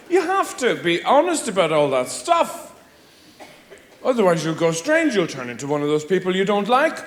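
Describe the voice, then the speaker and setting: A man's voice: high-pitched, huge pitch swings, normal speed, echoey room, slight background noise. An Irish man from Ireland doing a stand-up routine on a theater stage, rambling with sardonic, mock-exasperated asides. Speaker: stand-up comedian.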